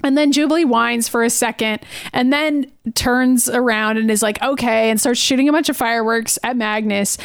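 A woman co-host with a high voice talks through a cartoon episode in casual, deadpan chat. She quotes the characters along the way. The sound is close and dry, with no room around her. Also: normal speed, hardly any pauses, clean tone, no echo. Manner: retells a cartoon plot in a chatty, deadpan way, quoting characters. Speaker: podcast co-host.

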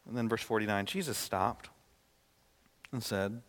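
A man preaching a sermon as a pastor, swinging between loud, emphatic lines and hushed, quiet ones. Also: lowish voice, lively intonation, fairly quick. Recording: reverberant hall.

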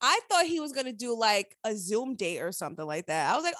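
A woman recapping a TV episode in casual chat, animated, opinionated and profane. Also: on the high side, quick pace, hardly any pauses, no room sound.

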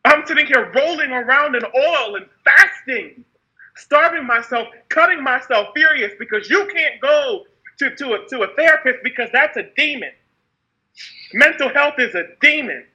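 Brief: woman delivering a passionate spoken testimony, very high-pitched, intense, phrases repeated for emphasis. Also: animated, normal speed, pushed and bright, muffled recording. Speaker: speaker sharing her story. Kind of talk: personal testimony monologue.

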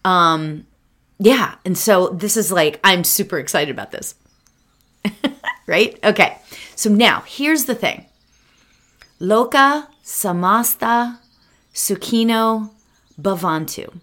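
A woman's voice: lowish voice, animated, slow pace, pauses often, a bit bright. A woman teaching a guided meditation, chatty and upbeat, often adding "right?", with a musical, sing-song way of speaking.

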